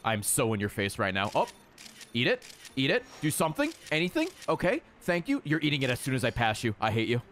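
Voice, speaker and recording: Excitable, swearing man voicing game commentary. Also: a little high, brisk. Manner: excitable, swears a lot, talks to game creatures. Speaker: let's play host.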